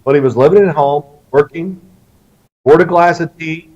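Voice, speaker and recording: This middle-aged Kentuckian from Louisville brings family stories to life in an interview, acting out the words of the people involved. His voice is a little high and his pace moderate, while the sound is dull, lo-fi and somewhat distant.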